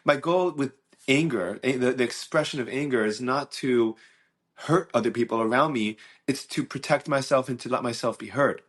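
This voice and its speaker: A man's voice: medium pitch, moderate pace, fairly bright tone. A man hosting a solo podcast, talking earnestly and reflectively, searching for words with many restarts and fillers. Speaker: podcast host. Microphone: mic and camera.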